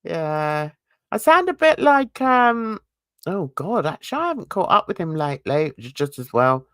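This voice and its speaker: This English woman runs a casual livestream, talking comfortably with viewers in a lowish, very animated voice at a moderate pace. Her accent is North London mixed with rural Essex, and she's chatty and warm, fond of slang and endearments. Clean, dry studio sound.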